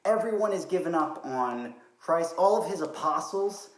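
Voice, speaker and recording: Animated young man retelling a story, echoey room. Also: a little high, moderate pace. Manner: animated storyteller who acts out quotes and swears casually. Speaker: podcast co-host. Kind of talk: casual podcast discussion. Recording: echoey room with faint music.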